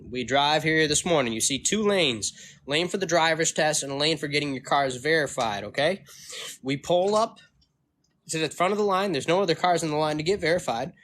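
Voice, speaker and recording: A man vlogging casually, ranting about a bad day in an animated, profane storytelling manner. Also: on the high side, fairly quick, a little hiss or hum. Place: California.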